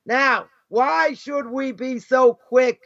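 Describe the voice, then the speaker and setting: A man's voice: very high voice, slow, vocal fry, fairly bright tone. A middle-aged man from the United States, a rabbi teaching a casual, conversational lesson, full of rhetorical questions and "right?" and "you know". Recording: dull lo-fi recording.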